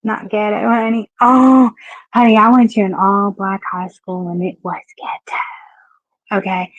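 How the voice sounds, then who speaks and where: A woman's voice: medium pitch, little pitch movement, measured pace, no echo, highs cut off. Chatty Southern woman hosting a livestream. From Southeastern Kentucky. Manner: chatty, frank, greets viewers by name. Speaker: livestream talk show host. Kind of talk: casual live-stream chat.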